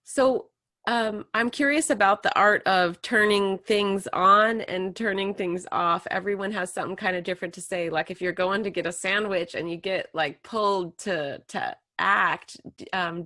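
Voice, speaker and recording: A woman hosting a podcast, asking rambling questions with many pauses and laughing readily. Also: medium pitch, fairly even intonation, no echo. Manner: hesitant, many ums, warm giggly laughs. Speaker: podcast host. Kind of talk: casual interview.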